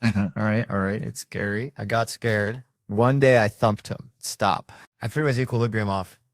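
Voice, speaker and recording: A man doing stand-up comedy, telling stories in a loose, conversational way with animated asides. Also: fairly low pitch, unhurried, no echo, clean studio sound.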